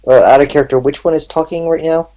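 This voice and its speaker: A man's voice: fairly high pitch, fairly even intonation, fast, warm tone, dull audio. A man speaking casually as a player in a tabletop game.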